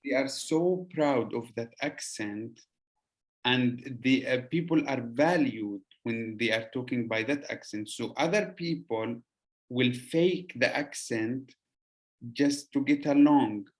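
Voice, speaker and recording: Host: man from Yemen, earnest, mid-pitched, halting. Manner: earnest, pausing with "uh". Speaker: podcast host. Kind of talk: casual conversation.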